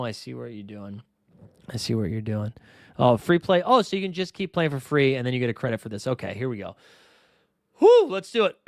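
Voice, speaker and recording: A man's voice: a little high, no echo, studio quality. A man hosting a fantasy basketball livestream, chatting casually and rattling off player names and numbers. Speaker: fantasy basketball show host.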